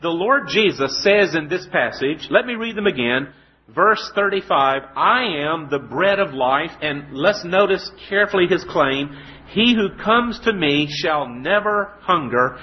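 Lively preacher man, lo-fi recording. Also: a little high. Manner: storytelling, rhetorical questions, slow emphatic scripture reading. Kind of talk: sermon. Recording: dull lo-fi recording.

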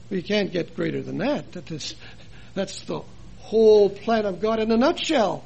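A man preaching a sermon in a chapel, earnest and full of rhetorical questions, his loudness rising and falling for emphasis. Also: high voice, expressive, moderate pace, vocal fry, breathy edge.

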